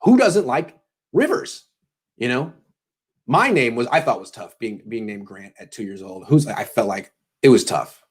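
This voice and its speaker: A man's voice: mid-range voice, animated, moderate pace, husky. A tired man hosting a pregame sports show, talking casually with jokes and self-deprecating tangents. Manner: joking, self-deprecating, meandering.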